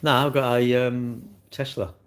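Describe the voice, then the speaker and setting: An older man talks into his phone on a casual live stream. His manner is blunt and teasing, and he banters straight back at the chat. His voice sits at an everyday middle pitch. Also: flat delivery, measured pace. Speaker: livestreamer.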